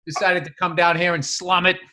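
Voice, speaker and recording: Blunt joking host guy, crude humor, bright punchy voice on the high side. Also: flat delivery, brisk. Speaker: podcast host. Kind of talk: casual podcast chat.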